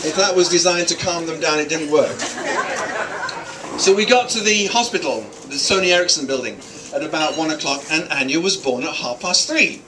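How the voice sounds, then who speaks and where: A man's voice: on the high side, moderate pace. A middle-aged man giving a joking father-of-the-bride wedding speech, teasing the guests. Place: wedding reception hall. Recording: distant, with crowd noise. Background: guests laughing and chattering.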